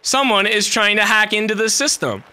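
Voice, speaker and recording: A man's voice: sits high, moderate pace, bright, forceful tone, clean tone, voice pushed down. A man reading as a robot begging for help. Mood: pleading. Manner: reading on-screen dialogue aloud. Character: helpless male robot asking for help.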